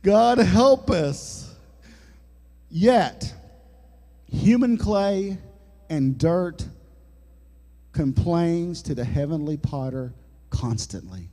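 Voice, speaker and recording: Male pastor, high voice, unhurried folksy sermon, church echo. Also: sing-song, dark tone. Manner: folksy preaching with jokes and sudden dramatic drops in volume. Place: church sanctuary. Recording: long church hall reverb.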